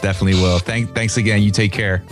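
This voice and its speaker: A man's voice: lowish voice, fairly even intonation, quick pace, music in the background. A man hosting a podcast interview, easygoing and a little hesitant as he wraps up. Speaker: podcast host. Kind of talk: casual interview chat.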